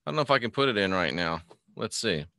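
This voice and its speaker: A man with a bright, forceful voice hosts a live stream, reading an article aloud and chatting about it in a loose, rambling way. He breaks off to greet viewers by name, and the sound is dry and close. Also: on the low side, big pitch swings, fast, no room sound. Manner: reads an article aloud and comments on it. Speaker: host of a live Christian online show.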